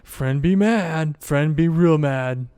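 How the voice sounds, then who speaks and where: A man voicing a gentle, tearful male giant who speaks in simple, broken phrases. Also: fairly high pitch, slow, clean tone, dry recording, studio quality. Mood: worried.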